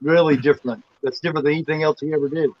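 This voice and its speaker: A man's voice: fairly high pitch, steady tone, rapid-fire, no echo, dull audio. A man chatting casually on a video call, laid-back and often saying "man" and "you know what I mean". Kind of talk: casual group video chat.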